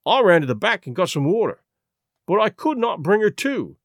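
A man's voice: high-pitched, big pitch swings, normal speed, no room sound, clean studio sound, heavily acted. A man reading a story aloud and voicing a big, penitent police constable who rambles apologetically. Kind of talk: audiobook reading.

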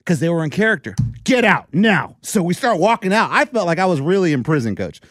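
Casting note: lively storyteller guy, fairly high voice, swoops a lot while acting out people. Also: quick pace, a little hiss or hum. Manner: animated, acts out characters mid-story. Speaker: radio show co-host. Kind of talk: casual chat, animated storytelling.

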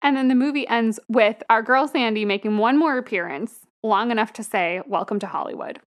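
A woman's voice: fairly high pitch, moderate pace. A young woman co-hosting a podcast, casually recapping a film plot and laughing often as she talks. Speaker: podcast co-host. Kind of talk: casual movie review chat.

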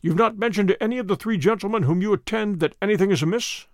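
Male reader's unhurried detective, assured, fairly high voice. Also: dry recording, clean studio sound. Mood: calm authority. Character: calm, commanding male detective.

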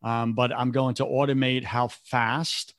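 A man's voice: medium pitch, little pitch movement, unhurried, fairly bright tone, dry recording, clean studio sound. A man talking earnestly in short reflective phrases in a casual podcast conversation, as a business coach.

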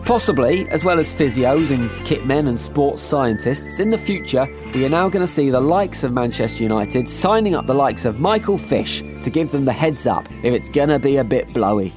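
A man hosting a comic football news round-up, dry and quick-witted. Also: mid-range voice, lively intonation, over music. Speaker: host.

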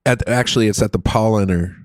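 A middle-aged man telling a story in casual chat, crude and profane with an animated, rambling delivery. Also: on the low side, fast, no echo, clean studio sound.

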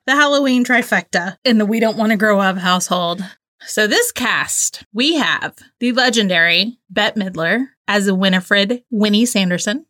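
A woman's voice: medium pitch, moderate pace, sharp tone. A woman co-hosting a casual movie podcast, chatty and teasing, often laughing. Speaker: podcast co-host.

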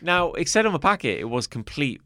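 A man's voice: a little high, sing-song, brisk, bright, forceful tone. A man co-hosting a comedy podcast, riffing on absurd ideas with dry wit. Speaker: podcast co-host.

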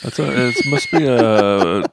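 A man's voice: mid-range voice, animated, takes it slowly, vocal fry, noisy background. A man playing a tabletop game, making wry, playful remarks in character. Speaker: player.

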